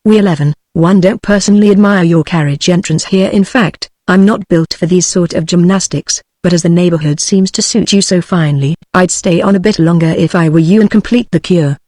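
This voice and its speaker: A text-to-speech woman's voice with a British English accent, reading the lines of a brisk, teasing male island doctor in an even tone. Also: lowish voice, no room sound, close to an everyday voice. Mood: bluff. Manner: even synthetic reading, no character voice.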